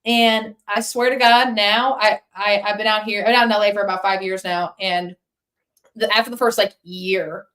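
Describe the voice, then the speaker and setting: Lively, swearing young woman. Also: medium pitch, normal speed. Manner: lively, swears freely, acts out quotes. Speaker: rock musician guest. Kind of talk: casual interview chat.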